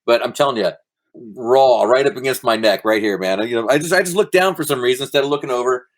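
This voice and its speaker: A middle-aged man, a former soldier, telling stories casually as a podcast guest, relaxed and swearing, with many fillers. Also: medium pitch, fast talker. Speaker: guest, former Army Ranger. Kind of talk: casual storytelling interview.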